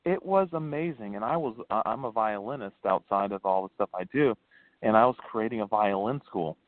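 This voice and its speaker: Fairly quick and full of laughter, a man born in New Hampshire and raised in Florida tells history and ghost stories as a guest in a casual phone interview. He founded a ghost tour, investigates the paranormal, and swoops in pitch as an animated storyteller, heard over a dry, tinny line without echo.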